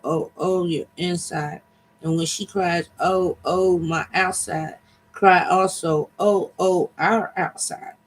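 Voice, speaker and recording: A wise god lays out careful instructions, read by a man. The tone is instructive and steady. The voice stays high. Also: slight background noise, poor audio.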